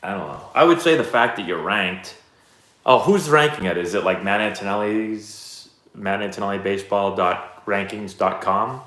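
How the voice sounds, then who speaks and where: A man in his thirties hosting a live stream, answering chat questions in a relaxed, rambling, self-deprecating way. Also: fairly low pitch, normal speed. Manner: laid-back, rambling, self-deprecating storyteller. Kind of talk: casual chat. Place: indoor room, live stream. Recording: roomy echo.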